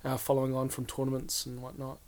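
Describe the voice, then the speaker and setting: A man's voice: medium pitch, monotone, quick pace, a little mellow. A man with a New Zealand accent co-hosting a casual podcast, speaking hesitantly and often restarting his sentences. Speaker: podcast co-host.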